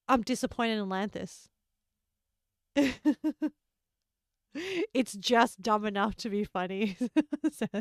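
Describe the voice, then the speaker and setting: A woman's voice: on the high side, clear, resonant tone, no room sound. A woman streaming a game, chatting casually with her viewers, joking and laughing often, on a close desk microphone.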